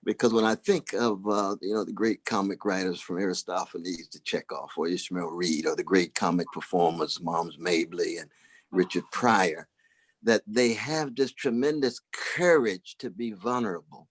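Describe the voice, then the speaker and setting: A man's voice: sits low, moderate pace, breathy edge, dry recording. A man co-hosting a discussion, speaking in an emphatic, preacherly way and repeating words for stress. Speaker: co-host. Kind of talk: reflective discussion.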